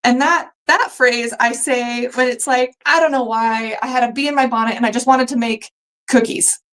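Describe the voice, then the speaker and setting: A woman's voice: on the high side, steady tone, normal speed, fairly bright tone, low-quality recording. Chatty woman sewing on a livestream. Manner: chatty and rambling, with many "um"s and "like"s. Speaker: quilting host sewing along live. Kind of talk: casual live-stream chat while sewing.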